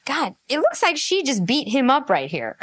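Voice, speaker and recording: A woman giving casual, sarcastic gossip commentary, laughing often and talking in an animated way. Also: high voice, moderate pace.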